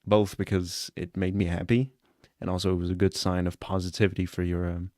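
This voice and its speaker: A man with a slightly low voice talks earnestly and casually, like a streamer reacting to a clip. He rambles a little and keeps checking in with his listener. The recording is close and dry, with no room sound. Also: level tone, brisk, darkish tone, no echo. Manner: earnest and rambling, often asks "you know what I'm saying?". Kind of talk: casual live-stream chat.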